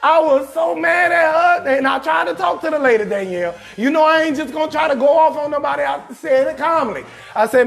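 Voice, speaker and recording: A man comedian hosting his show, telling a profane comic story in a loud, emphatic way and often shouting his punchlines. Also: extremely high pitch, brisk, vocal fry, hardly any pauses, soft background music. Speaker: comedian host.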